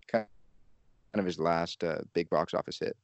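A man co-hosting a podcast in casual chat, talking in a halting way as he searches for words. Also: low-pitched, steady tone, dry recording, dull audio. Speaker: podcast co-host.

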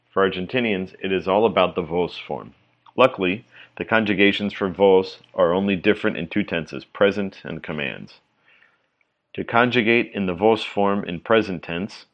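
A man reading a language-learning article aloud in a measured way, slowing down to spell out example words. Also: low-pitched, highs cut off.

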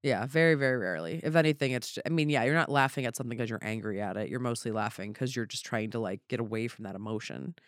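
A man, a comedian, talking in a casual podcast chat, rambling and animated and swearing offhandedly. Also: mid-range voice, quick pace, few pauses, no room sound, studio quality. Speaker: comedian guest.

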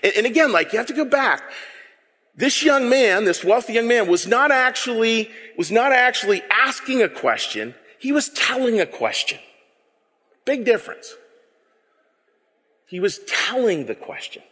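A man preaching a sermon, animated and joking with his congregation in a church hall. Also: very high voice, moderate pace. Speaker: pastor.

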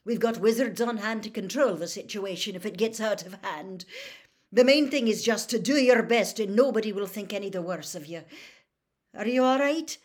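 A woman's voice: medium pitch, a little mellow, voice pushed up, lightly acted. A woman voicing a stern, anxious older teacher. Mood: firm. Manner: firm, brisk instructions.

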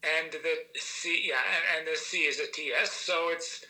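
A man patiently correcting name pronunciations in a casual chat, with many pauses and fillers. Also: fairly high pitch, fairly even intonation, sharp tone, low-quality recording. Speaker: pronunciation guest.

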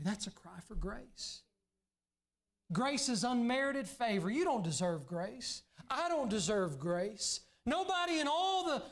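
A man preaching a sermon as pastor in a church, earnest, now and then dropping to a hushed, pleading voice. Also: very high-pitched. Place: church sanctuary.

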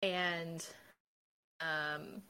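A woman's voice: sits low, little pitch movement, drawn-out words, bright, forceful tone, clean tone. A young woman co-hosting a podcast, telling a childhood story in casual chat and laughing often. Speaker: podcast co-host.

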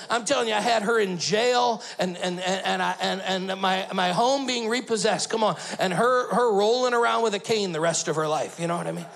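A man, the lead pastor, preaching a sermon, telling stories and building to loud emphatic bursts. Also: high-pitched, fairly quick, vocal fry, few pauses, low-quality recording.

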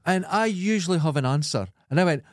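A man's voice: a little high, animated, fast talker, no echo. A man, co-hosting a podcast, trading dry quips and jokes. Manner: dry quips and joking back-and-forth. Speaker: podcast co-host. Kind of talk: casual chat.

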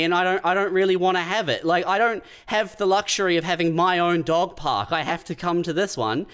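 A man with a fairly high voice that swings widely in pitch tells stories in crude comedic banter. He sounds exasperated and swears often. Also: a little fast, few pauses, clear, resonant tone. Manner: animated storytelling, swearing, exasperated. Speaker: podcast co-host.

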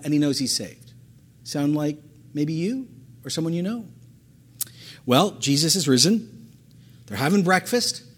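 A man preaching a sermon, animated and emphatic, repeating phrases and acting out the words of the people in his story. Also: a little high, breathy edge. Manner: animated, acts out quotes, emphatic repetition. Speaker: pastor.

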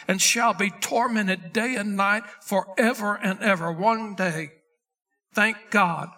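A middle-aged male pastor delivers an emphatic sermon, slowing down to read scripture and punching single words for weight. His voice sits high for a man and carries a bright, forceful tone. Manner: emphatic preaching, stretches key words, reads scripture aloud.

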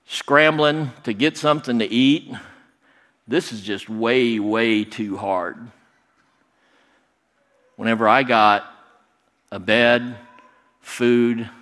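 A middle-aged man telling a personal story in a lively, animated way, acting out other people's lines. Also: mid-range voice. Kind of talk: personal story told to an audience. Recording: long hall reverb.

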